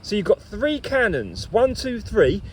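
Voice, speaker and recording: A man's voice: high voice, wildly swooping pitch, unhurried, a little hiss or hum. A man metal detecting outdoors, chatting playfully to camera and mock-scolding his finds. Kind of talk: casual talk to camera while detecting. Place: outdoors in a field.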